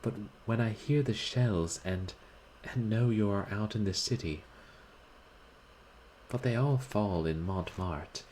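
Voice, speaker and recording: A man's voice: fairly low pitch, takes it slowly, darkish tone, a little hiss or hum, voice pushed up, rough recording. A man reading aloud and voicing an anxious young woman who nervously pleads during a bombardment. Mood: anxious, pleading.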